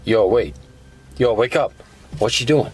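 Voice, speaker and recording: A man's voice: medium pitch, unhurried. A young man in a scripted investigation video, talking casually and questioning people with bro slang. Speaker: paranormal investigator. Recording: background music.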